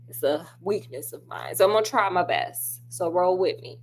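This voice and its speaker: A woman's voice: fairly low pitch, animated, normal speed, slight background noise. A woman reviewing a film in a casual, sassy, chatty way. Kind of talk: casual chat.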